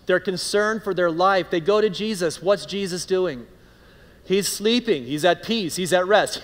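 High-voiced animated preaching pastor. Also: male voice, big-room sound. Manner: animated, conversational preaching with quoted dialogue. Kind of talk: sermon. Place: church sanctuary.

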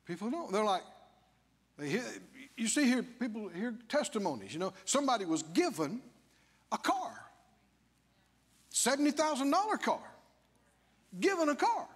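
A male pastor preaching a sermon in a church, swinging from low asides to shouted declarations. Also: sing-song, moderate pace, pauses often, husky. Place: church sanctuary. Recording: long church reverb.

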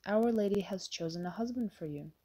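A woman's voice: medium pitch, fairly quick, dark tone, natural voice. A woman reading the lines of a stern middle-aged male estate steward, in a blunt, questioning, bossy manner.

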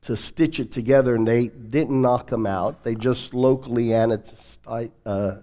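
A man's voice: mid-range voice, steady tone, normal speed, mellow. A man, a pastor hosting an interview, explaining things for listeners and sharing his own reactions. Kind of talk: church talk-show interview.

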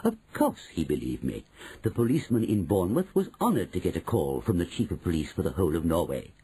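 A man's voice: low voice, wildly swooping pitch, fast, warm tone, husky, low-quality recording. A man narrating an audiobook in the first person, telling the story.

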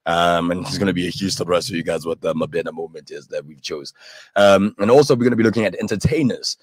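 A man's voice: low-pitched, quick pace, no echo. A man co-hosting a breakfast show, teasing and jumping between topics in casual banter.

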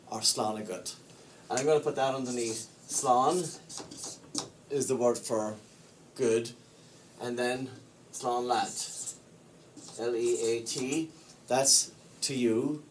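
A man's voice: medium pitch, steady tone, takes it slowly, pauses often, slight background noise. A man teaching simple words of the language at a board. He speaks patiently and spells words out letter by letter. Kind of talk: explaining at a board. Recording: roomy sound, mic at a distance.

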